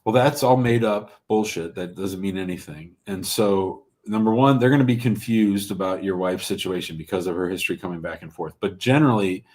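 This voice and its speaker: A man's voice: low-pitched, brisk, few pauses, a little mellow. A man hosting a live call-in show, giving blunt, plain-spoken immigration advice to callers and viewers.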